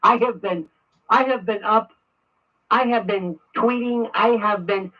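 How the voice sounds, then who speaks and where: A man's voice: sits high, a little slow, distant mic. A man hosting a political talk radio show, ranting angrily and repeating himself. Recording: muffled radio audio from afar.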